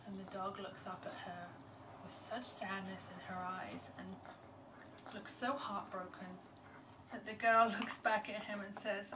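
A woman telling a folktale aloud, unscripted, with small restarts and varying loudness. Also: mid-range voice, flat delivery, a little slow. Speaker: storyteller. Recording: distant mic with clear background noise.

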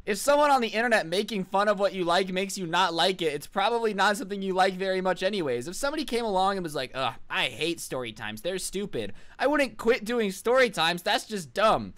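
A man with a somewhat high, smooth and clear voice tells a comic story to his vlog audience. He keeps up a sarcastic, mocking tone and rambles between jokes, speaking close to the mic. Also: animated, fast talker, hardly any pauses, fairly bright tone. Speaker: storytime vlogger. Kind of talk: comedic storytime monologue.

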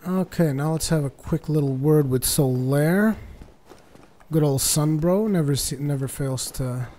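A man doing joking, sarcastic gameplay commentary, getting excited during fights. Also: a little high, unhurried. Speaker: let's play commentator.

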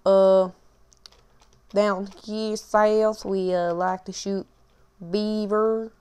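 A woman's voice: medium pitch, flat delivery, drawn-out words, darkish tone, smooth. A woman putting on a bumbling Southern hick. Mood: goofy. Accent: put-on American Southern. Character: hick southern man bragging about shooting.

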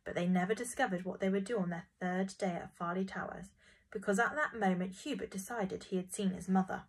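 A woman reads a children's storybook aloud with gentle expression. Her voice sits in the middle range and has a soft, breathy edge. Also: medium pitch, fairly even intonation, fairly quick, poor audio. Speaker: narrator.

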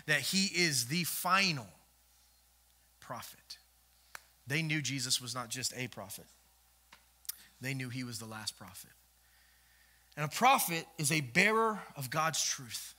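A man preaching a sermon as pastor, swinging from loud emphatic lines to hushed ones and acting out the voices he quotes. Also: medium pitch, animated, measured pace, long pauses.

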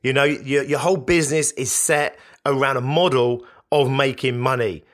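A man's voice: mid-range voice, fairly even intonation, moderate pace. A man hosting a solo business podcast, coaching listeners in an emphatic, repetitive way. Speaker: podcast host.

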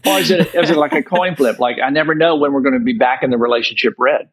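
A man psychologist, a guest on a podcast, explaining his ideas in a measured way. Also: mid-range voice, fairly bright tone, breathy edge, poor audio. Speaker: psychologist and book author. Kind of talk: podcast interview answer.

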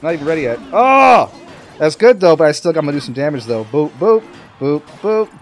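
A man giving excitable live commentary over his own gameplay, talking to the game and to his viewers. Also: on the high side, a little fast, faint music behind. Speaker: gaming commentator.

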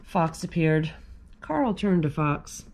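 A woman who is a children's librarian, reading a picture book aloud at storytime in a gentle, expressive way. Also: sits low, takes it slowly, noisy background.

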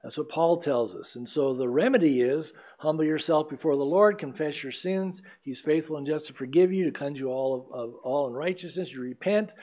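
A man's voice: a little high, brisk, hardly any pauses, warm tone. A middle-aged male pastor preaching a sermon in an earnest, conversational way, sometimes putting on voices for a story.

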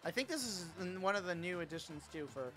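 A man streaming a racing game in casual chat, excitable and teasing, with loud sudden exclamations. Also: high-pitched, fast talker, music in the background. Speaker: gaming streamer.

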